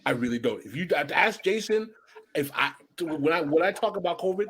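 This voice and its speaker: Animated middle-aged male podcast host. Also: on the high side, brisk. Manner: emphatic and animated, repeats himself, tells stories. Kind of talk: casual podcast chat.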